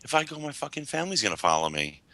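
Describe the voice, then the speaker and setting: A man's voice: mid-range voice, very animated, very fast, a crowd in the background. A man hosting a podcast in casual chat, joking crudely and talking bluntly. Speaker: podcast host.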